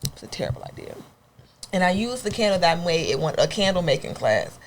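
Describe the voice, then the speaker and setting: A young woman co-hosting a podcast, telling a funny story in casual chat and jumping into high squeals when she acts out scenes. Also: sing-song, quick pace. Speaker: podcast co-host.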